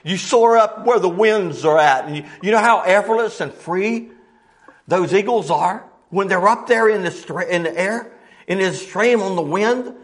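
Delivering a folksy sermon at normal speed, this middle-aged preacher cites scripture in archaic language, his voice rising to loud peaks and dropping to quiet murmurs.

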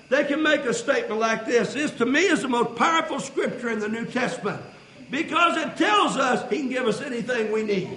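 A man preaching a sermon, reading old-style scripture and building to shouted fervor. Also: extremely high pitch, expressive, fairly quick, slight background noise, poor audio. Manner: reads King James scripture aloud.

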